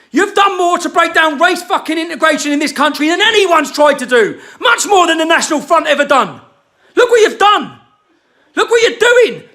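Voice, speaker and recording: An angry man delivering a shouted, swear-heavy rant to camera, firing rhetorical questions. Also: very high voice. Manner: confrontational, jabbing rhetorical questions. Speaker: political commentator.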